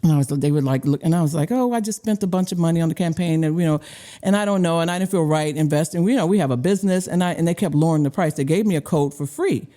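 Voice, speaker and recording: Middle-aged woman from Illinois, lively raconteur who voices every quote, laughing through it. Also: fast. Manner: lively, laughing, acts out quotes with big pitch jumps. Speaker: guest, former candidate and radio host. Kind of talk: animated storytelling in casual chat.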